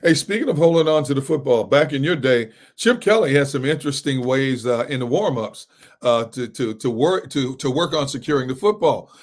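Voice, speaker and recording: A man's voice: mid-range voice, animated, brisk. A man hosting a sports interview show, asking conversational questions and backing the guest with frequent short replies. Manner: conversational, backchannels often.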